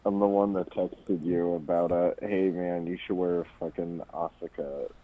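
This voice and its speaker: Very low male caller, joking and crude, tinny call audio. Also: fairly even intonation, moderate pace. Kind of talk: casual chat and rapping. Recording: tinny phone-like call line.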